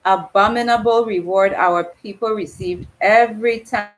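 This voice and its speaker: A woman's voice: mid-range voice, lightly acted, low-quality recording. A woman reading as a grieving Crucian woman. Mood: earnest. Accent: Virgin Islands Crucian. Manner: slow, earnest, emotional. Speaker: reader voicing a dialogue character. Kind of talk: dramatic reading of a dialogue.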